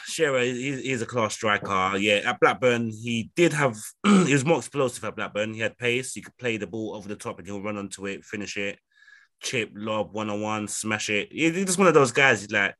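A man's voice: on the low side, animated, fairly quick, a bit bright. A man with a southern English accent, a podcast co-host chatting with enthusiasm about football. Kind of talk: casual chat.

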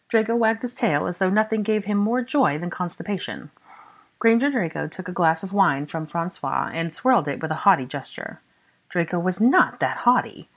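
Low-voiced woman reading a story. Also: expressive, normal speed. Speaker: fan audiobook reader. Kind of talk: storybook narration.

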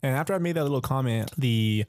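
A man's voice: medium pitch, fast talker, darkish tone. A young man casually telling a long personal story, rambling and profane, full of fillers like "like" and "you know.".

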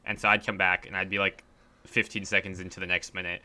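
Casual chat, young man, lowish and bright, acts out quotes with a laugh. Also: quick pace. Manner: animated storyteller acting out quotes, laughs often. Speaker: podcast co-host.

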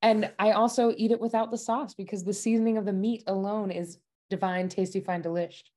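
A woman working as a dialect coach, chatting casually in an interview, bubbly and quick to laugh. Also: medium pitch, steady tone, dark tone. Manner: bubbly, laughs often, enthusiastic about food. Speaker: dialect coach at a themed park. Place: Utah.

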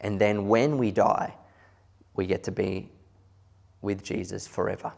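A man preaching a sermon in an earnest, conversational way, slowing down to stress key words. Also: on the low side, fairly even intonation, vocal fry, a little mellow, a little hiss or hum. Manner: loose and conversational, with small asides.

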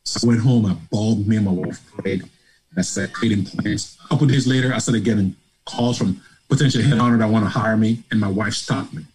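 A middle-aged man from Nigeria, a podcast guest telling a personal story in a lively way, acting out dialogue and laughing. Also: lowish voice, a little fast, poor audio.

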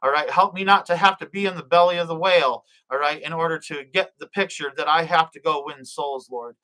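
Livestream preacher, male, bright forceful voice, fervent and repetitive, stumbles over words. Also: fairly high pitch, a little fast, low-quality recording. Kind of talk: live-streamed prayer and preaching.

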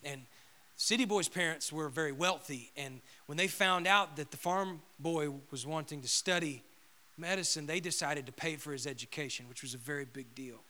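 A male pastor preaching a sermon, telling a story and swinging from loud proclamation to a hushed whisper. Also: a little high, normal speed.

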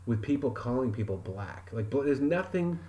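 A man's voice: mid-range voice, expressive, moderate pace, dark tone. A man from Wyoming co-hosting a casual podcast, speaking bluntly with wry exaggeration. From Wyoming, USA. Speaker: podcast co-host.

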